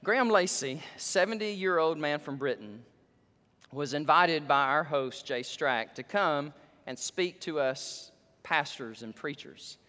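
A male pastor preaching a sermon, his voice surging up for emphasis and dropping low. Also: animated, takes it slowly, sharp tone. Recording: long hall reverb.

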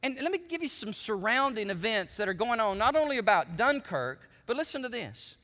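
A man's voice: sits high, sing-song, fairly quick, bright, forceful tone, big-room sound. A man from the United States preaching a sermon as pastor, swinging between chatty asides and fervent preaching.

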